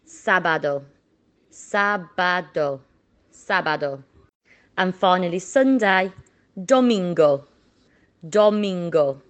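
Lady teacher doing a kids spanish lesson, stretches out words slow so they can copy, middle pitch. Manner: slow, drawn-out modelling of words for repetition. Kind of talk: lesson for children.

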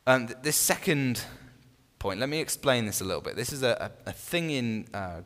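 A man's voice: lowish voice, a bit bright. Man teaching a Bible study group in a reverberant room. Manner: conversational, with frequent restarts and questions to the group. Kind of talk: informal teaching to a small group.

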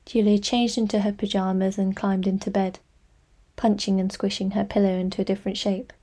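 A woman reading a novel aloud in measured, scripted narration. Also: mid-range voice, little pitch movement, mellow. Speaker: audiobook narrator.

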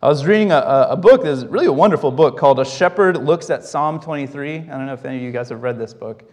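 A man's voice: on the high side, fast, darkish tone, in a large hall. A young adult man giving a conversational sermon as a pastor, telling stories and asking the congregation questions.

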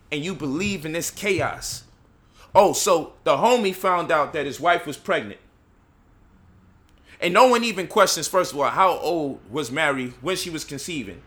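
A man's voice: on the high side, sharp tone. A man giving an impassioned lecture, firing rhetorical questions and mocking the voices he quotes. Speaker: speaker leading a discussion.

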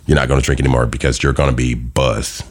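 Very deep-voiced man, casual and profane. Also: little pitch movement, fast. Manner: loose, profane, laughs through his stories. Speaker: podcast guest. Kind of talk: casual storytelling chat.

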